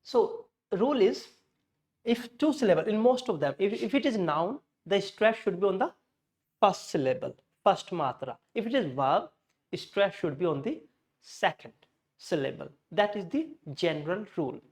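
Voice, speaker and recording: Teacher explaining stress rules. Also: male voice, high voice, big pitch swings, moderate pace. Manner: explains step by step with Hindi glosses, self-corrects. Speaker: English teacher. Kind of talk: classroom lesson.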